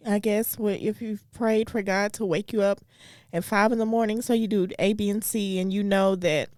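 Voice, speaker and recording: A woman's voice: medium pitch, a little mellow, no echo, studio quality. A woman co-hosting a casual chat, talking through faith in an earnest, thoughtful way. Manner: earnest, thoughtful, gets briefly emotional. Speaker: comedian and co-host.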